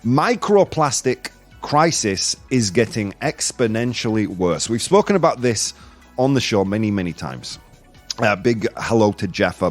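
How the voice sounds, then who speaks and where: A man hosting a casual live-streamed news podcast, joking, rambling and laughing at his own jokes. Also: on the low side. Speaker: podcast host.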